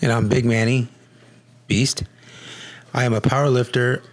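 A man's voice: mid-range voice, little pitch movement, normal speed. A man hosting a casual podcast, talking in a brash, joking way. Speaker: podcast host. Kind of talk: casual chat.

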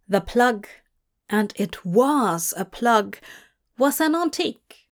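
A woman narrating a fan-fiction story aloud in a slow, measured way. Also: a little high, expressive.

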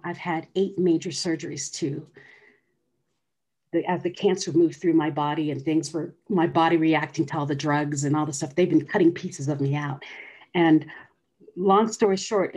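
A woman's voice: lowish voice, darkish tone. A middle-aged woman earnestly telling her personal story as an interview guest. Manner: earnest, acts out quoted voices.

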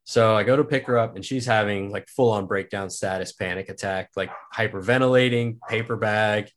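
A man's voice: lowish voice, brisk. A young man from Kansas, a podcast guest, telling a personal story in a casual, rambling way, full of filler words and swearing.

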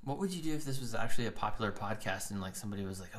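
A man's voice: expressive, rapid-fire, few pauses, fairly bright tone, a little hiss or hum. A man co-hosting a casual podcast, rambling with lots of "like" fillers, recorded on a phone mic. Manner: rambling, loose, many "like" fillers. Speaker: podcast co-host. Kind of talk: casual chat. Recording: iPhone mic, low production.

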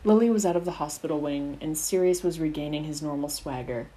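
A woman's voice: sits low, a little fast, dark tone, poor audio. A woman reading a fan fiction story aloud as the narrator. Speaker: narrator, audiobook reader.

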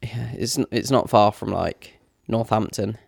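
A man's voice: fairly low pitch, a little slow, gravelly, darkish tone, slightly rough, no echo, clean studio sound. A young man with a Leicester accent, co-hosting a podcast and joking through casual banter. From England. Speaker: podcast co-host. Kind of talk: casual chat.

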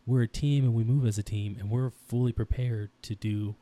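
A man's voice: medium pitch, steady tone, normal speed, warm tone. A man in his thirties co-hosting a casual podcast, talking intensely about his daughters with frequent restarts. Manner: rambling, intense, restarts often. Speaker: podcast co-host.

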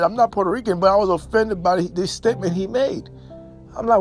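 A man's voice: sits high, normal speed, faint music behind. A man from Haiti giving a blunt, emphatic casual monologue, repeating points for stress. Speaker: commentator. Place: New York and elsewhere in the States.

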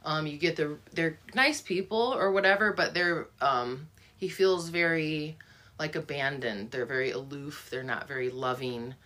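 A woman's voice: low voice, a little slow, fairly bright tone. A woman talking through a book in a casual, thoughtful discussion, often restarting her sentences. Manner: thoughtful, musing, many restarts and fillers.

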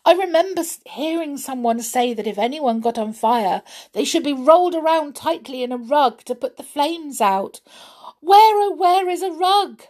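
A woman voicing a naughty big girl doll, high and pleading, close to tears. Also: animated, moderate pace, hardly any pauses, a little mellow. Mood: urgent.

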